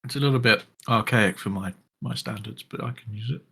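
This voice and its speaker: Male player, gravelly and husky, wry, offhand. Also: mid-range voice, brisk, a bit bright. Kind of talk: playing a tabletop game.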